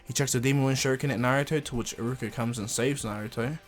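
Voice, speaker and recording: A man's voice: medium pitch, steady tone, fast talker, soft background music. A man casually retelling a fan story, rambling with frequent fillers and restarts.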